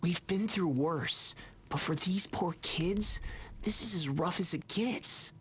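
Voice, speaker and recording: An actress playing a calm, level-headed female party member in a video game. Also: lowish voice, slow pace, a little hiss or hum.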